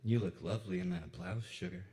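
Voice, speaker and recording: Male poet at an open mic, lower voice, deliberate pauses, unhurried reading. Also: mellow. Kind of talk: live poetry reading. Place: kava bar venue.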